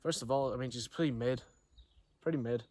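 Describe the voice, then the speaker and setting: A man's voice: medium pitch, brisk, a little mellow, no echo. A young man telling a story to camera outdoors, in a slangy, profane, rambling way with lots of restarts. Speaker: vlogger. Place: outdoors near trees. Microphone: camera he films himself with.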